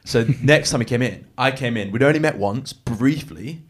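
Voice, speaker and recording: A man's voice: medium pitch, normal speed. A man talking earnestly and emotionally in a casual chat, often restarting his sentences. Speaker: guest.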